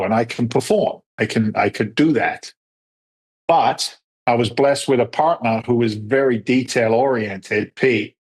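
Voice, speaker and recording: Man, middle-aged, husky voice, animated storyteller, podcast guest. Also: medium pitch. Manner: animated storyteller who acts out quoted dialogue. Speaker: podcast guest, real estate investor. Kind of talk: storytelling interview answers.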